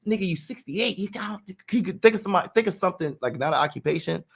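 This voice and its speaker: A man's voice: sits high, fast talker, vocal fry, slightly rough. A man in a casual monologue rant, full of profane street slang, acting out what people say. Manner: animated, profane street slang, acts out quotes.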